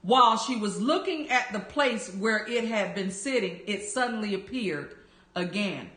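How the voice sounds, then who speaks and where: Slow bright-voiced woman storyteller. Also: medium pitch, lively intonation. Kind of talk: bedtime story reading. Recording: roomy echo.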